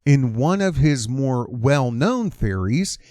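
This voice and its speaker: A man's voice: mid-range voice, expressive, takes it slowly, darkish tone, no echo, studio quality. A man hosting an opinionated commentary monologue, emphatic and repeating his lines for effect. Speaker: commentary channel host.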